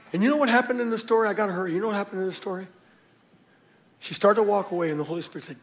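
This middle-aged preacher delivers a sermon packed with energetic stories, his high, light voice dropping nearly to a whisper on some lines and rising to a shout on others as he acts out each character. He speaks rapid-fire from the pulpit.

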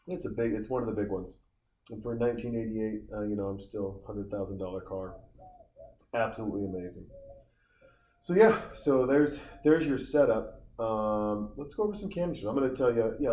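A middle-aged man from Montana rambles through a casual movie commentary and keeps drifting off topic, now and then swearing. His voice sits a little low and mellow. The room is echoey, with a faint hum of ambient noise behind him. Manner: rambling, profane, easily sidetracked.

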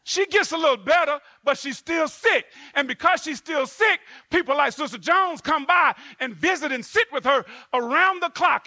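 An animated preacher delivers a sermon in a high, bright voice. His pitch rises and falls a lot, and it jumps into sudden loud bursts. The sound is dry and close. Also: no room sound.

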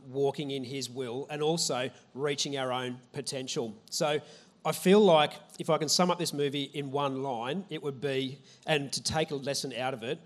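A man giving a casual, conversational sermon in a church, chatting with the audience and poking fun at himself. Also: mid-range voice. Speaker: preacher. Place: church hall with a live audience.

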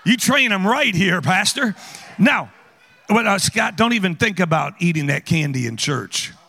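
A high, bright-voiced man preaches as a guest speaker. His voice leaps up and down as he teases and calls out to the congregation in a church auditorium. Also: normal speed, gravelly, big-room sound. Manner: animated, teasing, calls out to the audience. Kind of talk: playful sermon with audience interaction.

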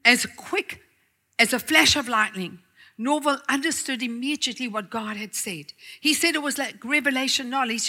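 A woman preaching a sermon, telling a story with emphatic repetition and sometimes dropping to a hushed voice. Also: high voice.

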